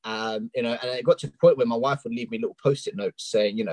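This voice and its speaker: A man in his thirties from England with a London accent, a coaching client talking openly as a guest in a casual interview, with many ums and pauses. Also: on the low side, no echo, poor audio. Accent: London English. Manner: open and candid, with many ums. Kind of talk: casual interview on a live stream.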